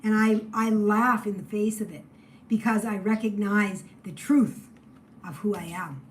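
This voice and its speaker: Slow emotional lady doing a tarot reading, gets loud then goes all hushed, bit of faint noise behind. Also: medium pitch, rough recording. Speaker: tarot reader.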